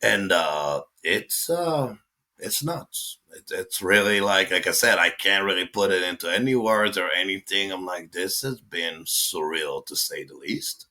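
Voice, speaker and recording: A man, a guest telling stories casually, animated and swearing as he acts out what people said. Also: low-pitched, a little slow. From Israel. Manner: animated, swearing, acting out quotes. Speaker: guest, tattoo artist. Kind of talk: casual storytelling.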